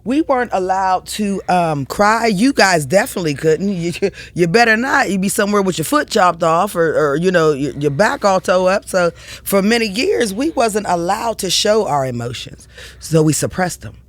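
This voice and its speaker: A woman's voice: medium pitch, expressive, normal speed, no room sound. A woman speaking as a podcast guest in an emotional conversation, earnest and heartfelt with casual slang.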